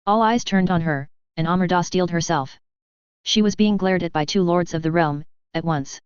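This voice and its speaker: A woman reading a fan fiction story aloud with steady storytelling. Her voice is low-set and exceptionally clear, and the recording is dry with a slightly dull top end. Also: normal speed, no room sound. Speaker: reader. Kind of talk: fan fiction audiobook narration.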